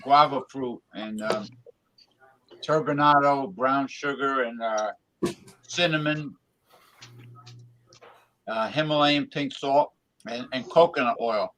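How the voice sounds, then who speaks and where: A man chatting casually on a group call, halting often with fillers as he talks. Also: medium pitch, a bit bright, slight background noise, rough recording. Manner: hesitant, halting with many fillers. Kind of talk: casual chat.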